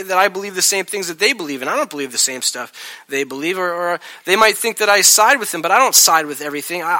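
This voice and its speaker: A man preaching a sermon as pastor of his church, telling stories animatedly and acting out the people in them. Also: high voice. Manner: animated storytelling, acting out voices.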